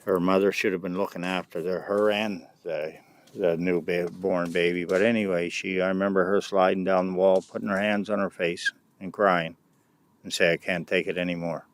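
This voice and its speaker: A middle-aged man casually recounting his years of mentoring kids, speaking haltingly with frequent restarts and side remarks. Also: low-pitched, little pitch movement. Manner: halting and unpolished, with many restarts and "anyway" asides. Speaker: youth mentor recounting experiences. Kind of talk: casual personal storytelling.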